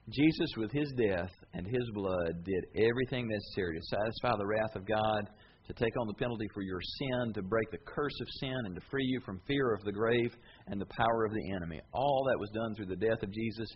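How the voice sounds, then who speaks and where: A male pastor giving a sermon, animated and conversational, acting out short voices as he tells stories. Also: on the low side, highs cut off, a little hiss or hum.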